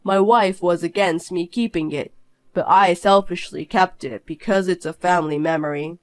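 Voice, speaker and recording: A woman voicing a stern middle-aged father in an animated story, scolding firmly and evenly. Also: on the low side, natural voice. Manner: firm, measured scolding.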